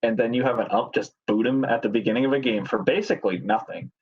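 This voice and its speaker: A man's voice: medium pitch, quick pace, husky, muffled recording. A man co-hosting a podcast, giving blunt, opinionated takes in casual sports chat. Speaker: podcast co-host.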